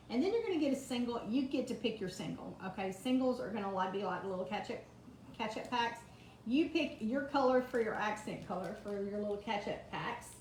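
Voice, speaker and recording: A woman's voice: on the high side, a little mellow, a little hiss or hum. A woman chatting through a live craft demonstration, greeting viewers by name from her home kitchen. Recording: echoey kitchen, faint ambience.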